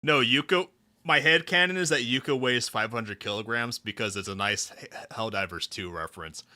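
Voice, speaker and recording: A man's voice: mid-range voice, normal speed. A man streaming a game, joking around casually as he reads its dialogue aloud. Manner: jokey, animated, playful. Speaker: VTuber streamer. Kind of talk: casual livestream commentary and dialogue reading. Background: faint background music.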